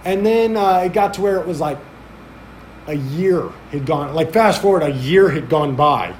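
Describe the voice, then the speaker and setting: A man on a podcast telling a long story in a loose, rambling way, peppered with fillers and swearing. His voice sits a little high for a man and turns animated when he acts out conversations. A faint hiss runs underneath. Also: moderate pace. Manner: rambling, filler-heavy, profane; animated when recounting dialogue. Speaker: podcast host. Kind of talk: casual storytelling chat.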